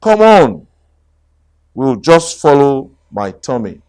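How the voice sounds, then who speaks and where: A man voicing a gentle, easygoing male bear in a children's storybook reading, mild and calm. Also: mid-range voice, slow pace.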